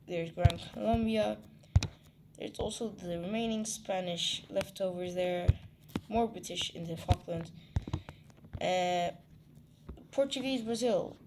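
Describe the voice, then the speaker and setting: A channel host casually walking through a map, halting and correcting themselves while listing places one by one. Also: mid-range voice, background noise. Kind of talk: casual map walkthrough narration.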